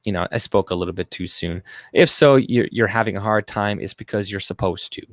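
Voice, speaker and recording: A man's voice: fairly low pitch, brisk, dry recording, clean studio sound. A man hosting a live stream, rambling loosely through chat messages with crude, off-color jokes. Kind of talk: casual live-stream commentary.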